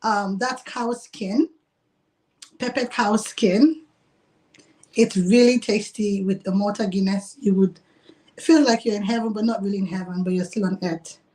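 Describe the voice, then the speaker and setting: A woman's voice: medium pitch, fairly even intonation, moderate pace, darkish tone. Woman restaurant owner, casual and giggly, talks on a video call. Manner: chatty, laughs often, uses "like" a lot. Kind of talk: casual interview.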